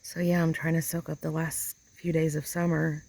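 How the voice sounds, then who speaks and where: A woman's voice: low voice, flat delivery, moderate pace, vocal fry, a little mellow, no echo. A woman talking casually in an outdoor vlog, rambling and emotional as she hunts for the right words. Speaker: vlogger. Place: outdoors in a yard chair.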